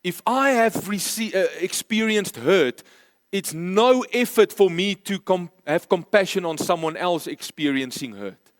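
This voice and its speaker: Pastor, male, high voice, slow emphatic sermon delivery, dry close sound. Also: animated, no echo. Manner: emphatic, repeats key phrases, slows for stress. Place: church.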